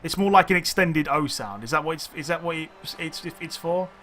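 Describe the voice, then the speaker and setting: Streaming a video game, a man chats loosely with his viewers and thinks out loud, rambling and restarting sentences. His voice is fairly high, brisk, bright and forceful with lively intonation, and there's slight background noise.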